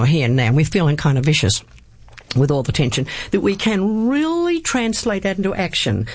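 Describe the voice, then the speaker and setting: Woman guest, earnest storyteller, lowish voice, dry close sound. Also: darkish tone, no room sound. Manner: earnest, storytelling, quotes scripture. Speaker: guest speaker. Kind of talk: personal testimony in conversation.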